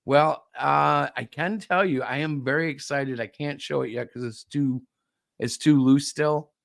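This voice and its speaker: A man with a gravelly, fry-edged voice chats casually as a co-host. He jokes around and sometimes slows down while he hunts for a word. The sound is dry and close, with no room echo. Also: fairly high pitch. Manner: joking, playful, slow when searching for words. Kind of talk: casual chat.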